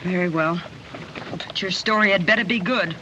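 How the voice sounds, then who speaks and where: An actress playing a brassy, quick-tongued saloon singer with sassy showman patter, in 1930s film acting style. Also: fairly low pitch, dull audio, natural voice. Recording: hissy old 1930s film soundtrack.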